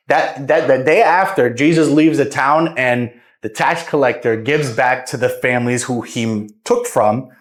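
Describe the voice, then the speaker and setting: A man's voice: medium pitch, moderate pace, echoey room. Rambling young man retelling a Bible story. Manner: rambling, repeats and restarts words. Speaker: vlogger.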